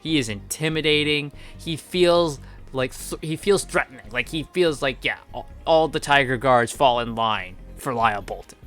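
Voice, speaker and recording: A man's voice: mid-range voice, expressive, moderate pace, a bit bright, soft background music. A man giving casual, enthusiastic video game commentary, rambling with lots of fillers. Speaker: gaming video creator.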